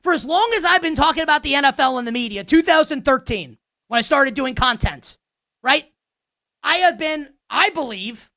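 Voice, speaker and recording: A man's voice: very high voice, expressive, normal speed, bright, forceful tone, dry recording, studio quality. A man hosting a sports betting show, delivering a heated, sarcastic rant with emphatic repetition. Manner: sarcastic, ranting.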